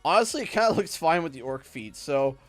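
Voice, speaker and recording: A man's voice: a little high, very animated, fairly quick, faint music behind. A man with a Canadian accent, casually commentating a live gaming stream and rambling to himself as he clicks through menus.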